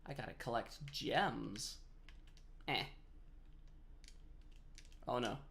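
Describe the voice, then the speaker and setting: A man's voice: medium pitch, very slow, gravelly, a bit bright. A man on a headset mic giving casual live game-stream commentary, chatty and rambling as he answers chat while he plays.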